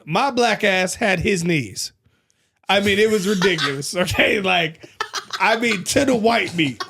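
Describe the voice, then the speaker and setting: A man hosting a casual chat, telling a story in an animated, profane, emphatic way. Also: high-pitched, gravelly, a little hiss or hum. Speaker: podcast host.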